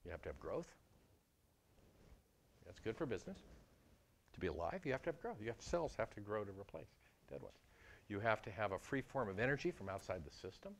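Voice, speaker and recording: A man lecturing at a business school in a lively, emphatic way. His voice sits low but swoops through a wide range as he drives points home with rhetorical questions. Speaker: guest speaker. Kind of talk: animated public talk.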